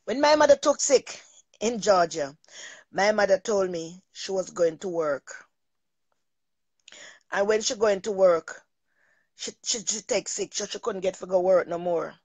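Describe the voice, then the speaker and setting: A woman's voice: medium pitch, a little slow, long pauses, darkish tone, dry recording. Middle-aged female host, emotional rambling storyteller, dry close sound. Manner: rambling, emotional, repeats herself. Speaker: talk show host. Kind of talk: personal storytelling monologue.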